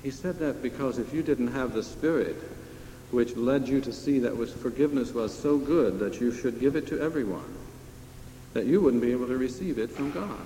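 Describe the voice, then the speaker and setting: Speaking at a moderate pace in a mid-range, dark-toned voice, a man delivers a conversational, emphatic sermon full of questions for his audience. The recording has a little hiss or hum and the long reverb of an echoey hall.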